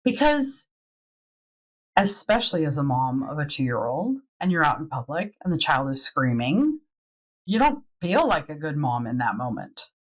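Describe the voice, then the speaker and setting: Woman, slightly low and animated voice, earnest and encouraging in casual podcast chat. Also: moderate pace, poor audio. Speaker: podcast conversation partner, mother.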